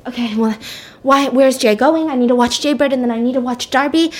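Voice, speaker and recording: A woman's voice: high-pitched, brisk, lightly acted. A woman voicing a jittery young male kidnapper, an anxious baby brother rambling to himself. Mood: uneasy.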